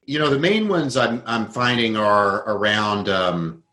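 A man's voice: fairly low pitch, unhurried, sharp tone, roomy sound, rough recording. A man giving a conversational interview, thoughtfully explaining his ideas through worked examples. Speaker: guest.

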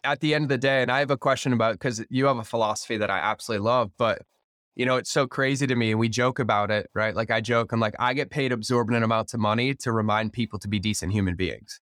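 A man hosting a podcast interview in casual chat, energetic and swearing freely, acting out the dialogue he quotes. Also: mid-range voice, quick pace, dry recording, clean studio sound. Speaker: podcast host.

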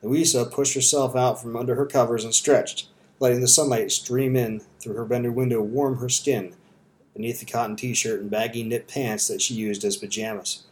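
A male narrator reading a novel aloud, steady and measured. His voice sits at a middling pitch and he tells the story evenly. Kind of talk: audiobook narration.

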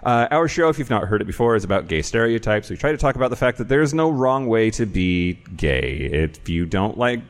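A man's voice: medium pitch, sing-song, fairly quick, few pauses. A man co-hosting a live podcast in front of an audience at a brewery, chatting casually and joking, with plenty of fillers. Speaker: podcast co-host. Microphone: handheld stage mic.

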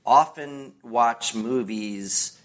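A man's voice: mid-range voice, extremely slow, a bit bright. A middle-aged American man, a podcast guest, rambling through anecdotes and acting out voices as he tells them. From United States. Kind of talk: casual podcast chat.

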